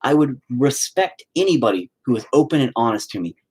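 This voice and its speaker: Young male host, husky, foul-mouthed, rambling, blunt storyteller. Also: mid-range voice, sing-song, fairly quick, a little mellow, poor audio. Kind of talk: casual storytelling rant.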